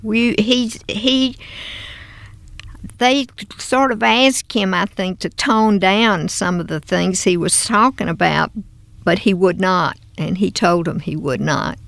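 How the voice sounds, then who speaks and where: An older woman with a Southern US accent, a guest recalling her past in an unhurried, storytelling way. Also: medium pitch, gravelly, a bit bright, no echo. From American South. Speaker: interview guest. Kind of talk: reminiscing in conversation.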